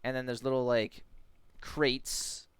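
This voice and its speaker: A man streamer telling a story in casual chat, jumping into high, excited voices when he quotes people. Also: slow pace, clear, resonant tone, no echo.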